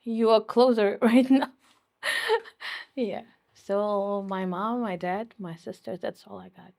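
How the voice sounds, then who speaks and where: A young woman from Ukraine in a personal interview, teary and emotional, speaking haltingly and often laughing. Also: medium pitch, steady tone, vocal fry, a little mellow.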